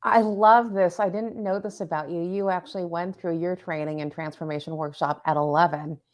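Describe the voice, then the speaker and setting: A woman's voice: fairly low pitch, fairly even intonation, normal speed. A woman hosting a podcast interview, chatting casually and cheering her guest on with short interjections. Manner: warm encouraging interjections, "I love it". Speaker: podcast host.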